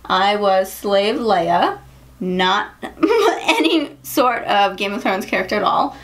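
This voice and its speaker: A young woman talks at home in a loose, rambling way while she reviews makeup, her sentences full of "like" and "um". Her voice has a steady creaky fry at the ends of phrases, and her pitch sits in the middle for a woman. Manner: chatty, lots of "like" and "um", quick laughs. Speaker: beauty vlogger. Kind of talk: casual storytelling and makeup review.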